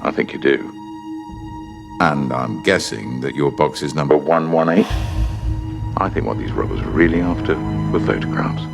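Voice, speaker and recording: An actor playing a menacing London gangster who speaks slowly and coldly, with a very deep gravelly voice, in a film with music behind. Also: male voice, animated, exaggerated voice. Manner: slow, threatening, coldly polite. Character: menacing male London gangster, cold and controlled. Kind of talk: film drama.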